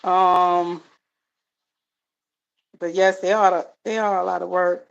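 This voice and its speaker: A middle-aged woman hosts a casual live stream and reads cards, speaking slowly in a low, creaky voice with a flat delivery. She reads viewers' comments aloud before answering, calls them family, and uses frequent fillers. The sound is lo-fi.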